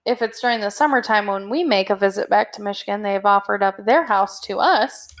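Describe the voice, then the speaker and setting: Speaking a little fast in a medium-pitched voice, this podcast co-host shares stories in a chatty, laid-back conversation. She laughs frequently as she talks.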